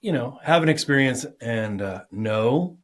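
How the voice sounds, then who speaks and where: A man's voice: mid-range voice, lively intonation, a little slow. A man co-hosting a casual podcast, blunt and profane, chatting loosely over drinks. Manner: blunt, profane, laid-back. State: tipsy from drinking beer. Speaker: podcast co-host. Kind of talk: casual chat.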